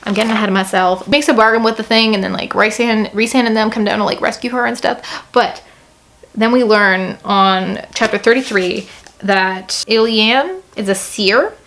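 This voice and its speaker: A young woman chatting casually in a book review vlog, gushing and excitable, often saying "like" and reading passages aloud. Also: medium pitch, normal speed.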